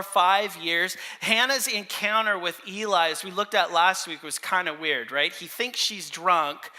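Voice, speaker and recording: A male pastor preaching a sermon in a conversational, animated way, asking the congregation questions. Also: high-pitched. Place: church sanctuary. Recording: reverberant church hall.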